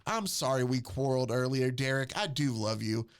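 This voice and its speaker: A man's voice: medium pitch, expressive, moderate pace, natural voice. A man reading out a melodramatic young wife from an old romance comic, in a breathless, theatrical way. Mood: pleading.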